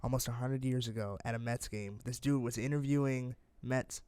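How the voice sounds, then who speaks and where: A man's voice: mid-range voice, steady tone, mellow, smooth, dry recording. A young man co-hosting a podcast, asking questions and telling stories in casual chat. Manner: quick, inquisitive, storytelling. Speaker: podcast co-host.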